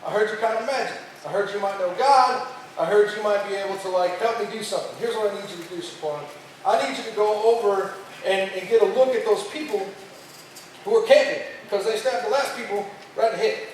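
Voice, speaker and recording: A man's voice: high voice, brisk, slight background noise, natural voice. A man playing an anxious king who pleads in casual slang. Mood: pleading. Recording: echoey hall, far from mic.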